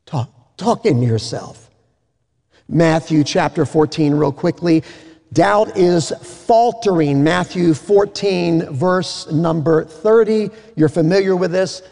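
A man preaching a sermon in a folksy, animated way, with joking asides. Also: on the high side, measured pace, creaky. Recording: echoey hall.

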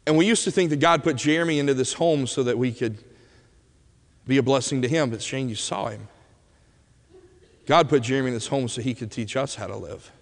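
A man voicing a grieving, gentle father who speaks softly and haltingly, close to tears, in a reverberant church hall. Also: medium pitch, gravelly, lightly acted. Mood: somber. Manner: soft, halting, near tears.

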